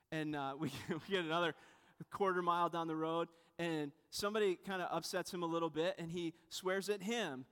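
A man's voice: fairly high pitch, fairly even intonation, brisk, a bit bright, clear, resonant tone. A man preaching a sermon in a conversational, storytelling way, often restarting and adding asides. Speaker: pastor. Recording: long hall reverb.

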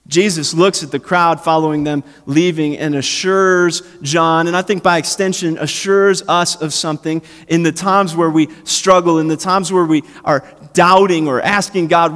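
Brief: male pastor, sermon, high voice, conversational and animated delivery. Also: moderate pace. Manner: conversational preaching, animated, acts out quotes. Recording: long hall reverb.

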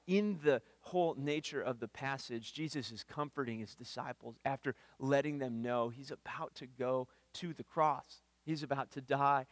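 A man's voice: mid-range voice, dry recording. Earnest man preaching, dry close sound. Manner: earnest, repeats words when starting phrases. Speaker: pastor. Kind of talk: sermon. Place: church.

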